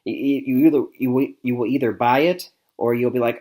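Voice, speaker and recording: A man's voice: medium pitch, steady tone, brisk, warm tone. Chatty rambling man reviewing movies. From Michigan, USA. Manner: chatty, rambling, frequent fillers and restarts, chuckles often. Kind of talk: casual spoken movie review.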